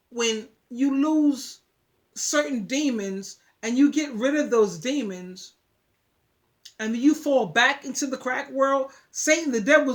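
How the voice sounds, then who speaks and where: A woman giving emphatic, preachy relationship advice straight to her viewers, often repeating words. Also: fairly high pitch. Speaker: advice vlogger. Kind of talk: casual talk to camera.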